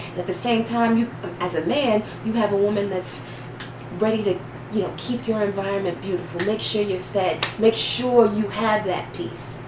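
A woman's voice: mid-range voice, fairly even intonation, normal speed. Woman, casual co-host, blunt, laughs a lot, echoey room, noisy background. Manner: blunt, laughs often, loud bursts. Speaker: podcast co-host. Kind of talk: casual chat. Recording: roomy echo, distant mic, noisy background.

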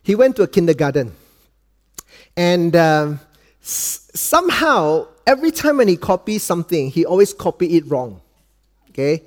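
A middle-aged man from Malaysia with a Malaysian English accent, preaching a sermon and telling a family story, dropping soft and low for quoted lines and cracking dad jokes. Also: very animated, normal speed.

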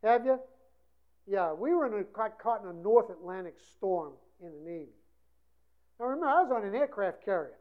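A woman preaching a sermon with passion, swinging between loud emphasis and hushed passages. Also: mid-range voice, lively intonation, normal speed. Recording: dull lo-fi recording.

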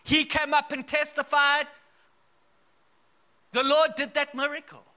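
A man from South Africa delivering an emphatic sermon, telling stories with bursts of laughter. His voice sits very high for a man, with a sharp, bright edge. He builds his points in a rousing preaching style. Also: flat delivery, unhurried.

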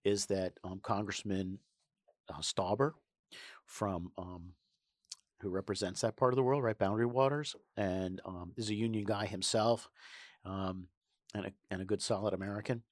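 A man co-hosting a casual political chat, wry and mocking, with many pauses and ums. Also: lowish voice, steady tone, no room sound, clean studio sound. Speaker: podcast co-host.

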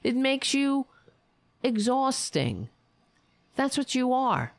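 A woman's voice: high-pitched, sing-song, takes it slowly, no room sound. A woman hosting a political talk show, ranting with profane, sarcastic mockery. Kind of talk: angry political commentary.

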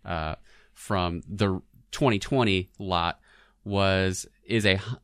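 Podcast co-host, male, relaxed chatter, somewhat low pitch. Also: slow pace, dry recording, clean studio sound. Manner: chatty, laughs easily, trailing restarts. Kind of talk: casual chat about commercials.

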